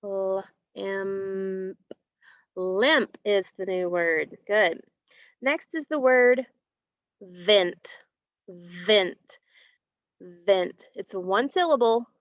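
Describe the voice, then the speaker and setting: A woman teaching a phonics lesson, slowly stretching out and repeating sounds and words, and praising her students. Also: medium pitch, lively intonation, no echo. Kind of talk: slow, clearly enunciated phonics lesson. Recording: dry, dull lo-fi recording.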